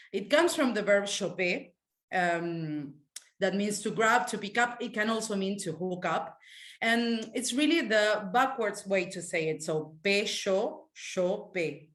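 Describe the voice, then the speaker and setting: A woman teaching a live online language class, explaining slang in a relaxed, halting way. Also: medium pitch. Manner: relaxed, explanatory, hesitant with fillers. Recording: echoey room.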